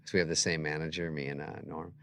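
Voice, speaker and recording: A man's voice: a bass voice, level tone, quick pace, fairly bright tone, clean tone. A man who is a comedian guest, telling wry, casual anecdotes and swearing freely.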